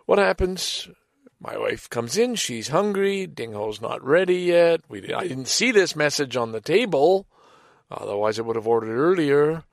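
A middle-aged man telling a casual personal anecdote in a rambling, halting way, with sighs and restarts. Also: on the high side, lively intonation, creaky, dry recording, clean studio sound. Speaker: storyteller.

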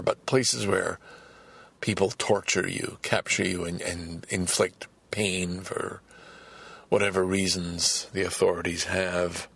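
A man recording a personal audio diary as a podcaster, talking frankly in a halting way, repeating words and restarting his sentences. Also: sits low, gravelly, a bit bright, breathy edge.

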